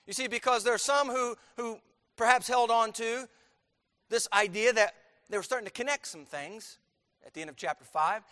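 A male pastor preaching in a high, bright, ringing voice. He presses his points with rhetorical questions and sudden emphatic bursts. His words carry a long reverb from a large church hall. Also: normal speed. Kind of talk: sermon.

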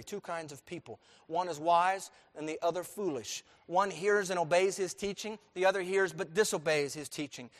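A man's voice: sits high, long reverb tail. A male pastor preaching an emphatic sermon, asking the congregation questions and letting them call out answers. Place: church sanctuary.

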